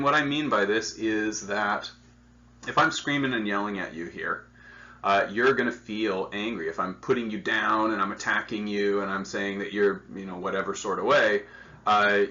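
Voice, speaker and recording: A man's voice: fairly low pitch, sharp tone, highs cut off. A man teaching hospital staff in an earnest, explanatory lecture, often repeating himself as he works through each point. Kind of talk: instructional training lecture.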